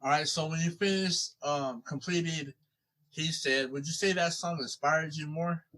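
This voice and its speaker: A man's voice: fairly high pitch, fairly even intonation, unhurried, a bit bright. A man hosting an interview, asking questions in a laid-back, slangy way. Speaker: podcast host, interviewer.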